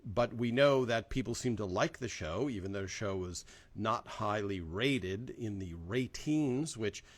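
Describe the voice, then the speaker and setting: A man's voice: fairly low pitch, a little slow. A man hosting a casual fan livestream, chatting loosely with many fillers and greeting viewers by name. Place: home in Southern California.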